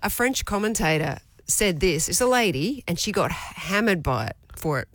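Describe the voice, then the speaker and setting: A woman's voice: fairly low pitch, sing-song, normal speed, fairly bright tone, dry recording. A woman co-hosting a show, chatting casually and laughing often. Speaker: radio co-host. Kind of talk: casual studio banter.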